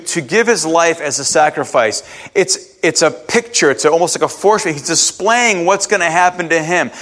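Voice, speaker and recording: A man's voice: high-pitched, a bit bright. A man preaching a sermon, reading scripture aloud and restarting his sentences as he explains it. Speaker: pastor.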